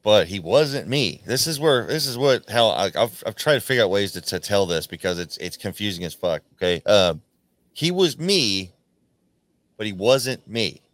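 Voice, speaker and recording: Male podcast host, low voice, dry close sound. Profane, rambling storyteller who restarts a lot and acts out the dialogue. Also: lively intonation, normal speed, fairly bright tone, no echo. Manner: acts out quoted lines with sudden jumps in pitch. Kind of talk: casual storytelling chat.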